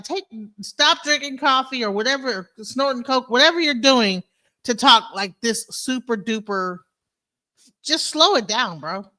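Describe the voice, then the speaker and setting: A woman hosting a stream, reacting to clips in casual, animated and incredulous commentary that she speaks straight to her viewers. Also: fairly high pitch. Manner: animated, incredulous, talks to viewers as "bro" and "y'all". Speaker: stream host.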